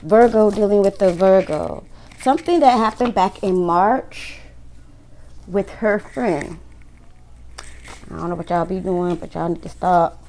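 A woman reads tarot cards at an unhurried, slow pace. She talks bluntly and casually to her viewers and swears freely. A faint hiss sits under her voice. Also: mid-range voice, a little mellow, low-quality recording. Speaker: tarot reader. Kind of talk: casual tarot reading to camera.

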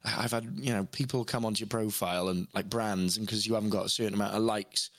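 A man's voice: on the low side, fairly even intonation, quick pace, fairly bright tone, dry recording. Candid man, dry close sound. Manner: rambling, self-questioning, restarts often. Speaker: podcast guest, impressionist. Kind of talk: candid podcast conversation.

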